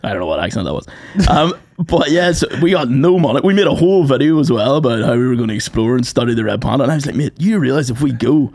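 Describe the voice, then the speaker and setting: A man's voice: medium pitch, animated, quick pace, a little mellow. A young man telling stories on a podcast in an easygoing, sweary way, laughing often. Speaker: podcast co-host. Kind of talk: casual chat.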